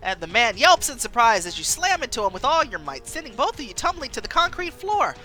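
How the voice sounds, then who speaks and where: A woman streamer reading a story game aloud, expressive and quick to laugh. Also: a little high, faint music behind. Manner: expressive, laughs between lines.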